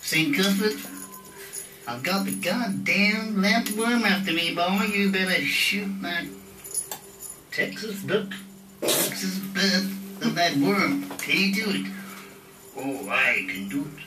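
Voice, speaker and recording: A man's voice: high-pitched, animated, takes it slowly. A man performing in an amateur puppet show, theatrical and storytelling, playing it up for laughs. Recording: echoey room, far from mic, music behind.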